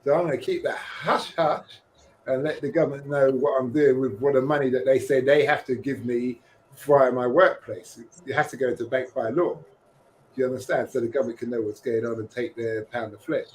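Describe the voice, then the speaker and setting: A man's voice: mid-range voice, moderate pace, a little hiss or hum, poor audio. A man, talking animatedly and jokingly in a casual podcast discussion. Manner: animated, jokey, slips into quoted voices. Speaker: podcast co-host.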